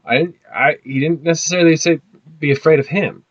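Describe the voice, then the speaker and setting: A man narrating a tabletop game as game master, animated and halting. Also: on the high side, lo-fi sound.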